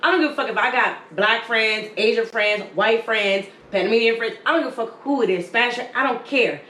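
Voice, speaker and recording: A blunt, emphatic woman with a fairly high voice, swearing freely as she argues her point in a casual podcast chat. Her voice bounces around an echoey room, with a faint hum of ambience behind it. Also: a little fast, bright, forceful tone. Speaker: podcast co-host. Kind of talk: heated casual discussion.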